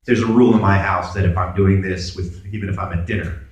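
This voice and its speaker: This Brooklyn, New York man speaks low and quickly, telling animated stories at a convention Q&A and voicing the characters in his dialogue. The sound is distant and heavily echoey, picked up by a camera in the audience of a big convention hall.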